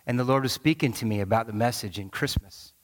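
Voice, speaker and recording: Animated male pastor, big hall echo. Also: medium pitch, quick pace. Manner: animated storytelling, acting out quotes. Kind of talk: sermon with personal story. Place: large church auditorium. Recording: long hall reverb.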